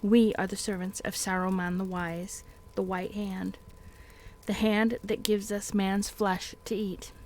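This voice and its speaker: A woman's voice: level tone, darkish tone, close to an everyday voice. Ugluk, a woman growling as a brutal orc captain. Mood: domineering. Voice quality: deep growl. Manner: blunt, slow and domineering. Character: big brutal male orc captain, commanding.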